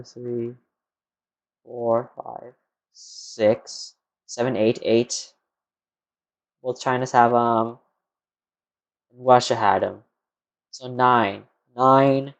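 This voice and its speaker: Young male streamer, tired and unhurried, mutters to himself at his desk mic. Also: mid-range voice, fairly even intonation. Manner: rambling, muttering to himself, answering chat questions. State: tired, yawning. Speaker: live streamer. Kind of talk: casual live-stream chat while working.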